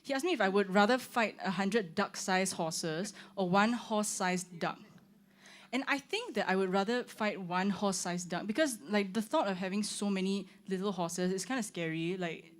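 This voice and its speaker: A woman's voice: medium pitch, moderate pace. Chatty young woman. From Singapore. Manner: chatty and rambling, with frequent "like" and "um". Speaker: singer hosting her own launch stream. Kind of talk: casual livestream chat. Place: room with her band.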